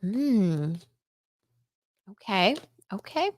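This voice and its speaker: A young woman chats her way through a live tarot reading in a slightly low voice, bubbly and quick to exclaim at every card. The sound is close and dry, with no room around it. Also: no echo. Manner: chatty and excitable, lots of "oh my god" and "like"; reads viewer comments aloud and reacts. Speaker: tarot reader hosting a live stream.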